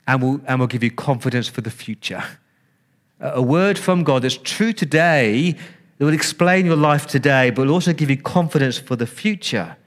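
A man preaching a sermon as pastor, conversational, repeating words and acting out listeners' reactions. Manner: acts out listener reactions with big pitch swings.

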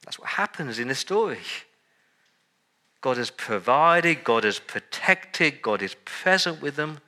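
A male pastor delivers a sermon in an emphatic style, stacking repeated words and phrases. His voice has a very bright, sharp tone. His pitch sits in a middle range for a man. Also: lively intonation, unhurried.

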